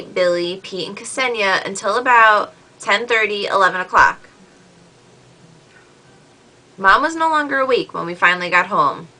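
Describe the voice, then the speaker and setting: Young woman, casual vlog reply to a friend, chatty and animated, bright tone. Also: medium pitch, low-quality recording. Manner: chatty, filler-heavy, animated retellings. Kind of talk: casual video message.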